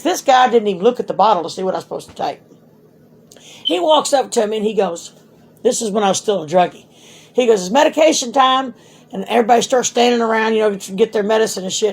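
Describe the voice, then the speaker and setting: A woman's voice: on the high side, darkish tone, husky. A middle-aged woman, a mother telling her grown son blunt stories in casual talk, swearing freely. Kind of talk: casual storytelling.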